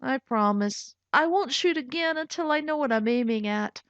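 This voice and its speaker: A woman voicing an impulsive young girl archer who pleads in a high, eager voice. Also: lively intonation, normal speed, fairly bright tone, dry recording. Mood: earnest. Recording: dull lo-fi recording.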